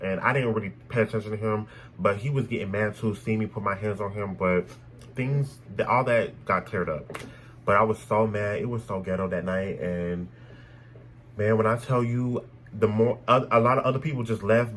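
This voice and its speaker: Young man, low voice, casual storytime, animated, profane, blunt. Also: moderate pace, slight background noise, low-quality recording. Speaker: storytime vlogger.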